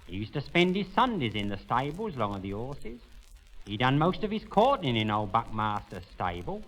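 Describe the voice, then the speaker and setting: An actor playing a sly old countryman, telling deadpan tall tales in broad village in a comic monologue. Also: medium pitch, normal speed, rough recording. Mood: drawling. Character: old rustic countryman, sly, rambling yarn-spinner.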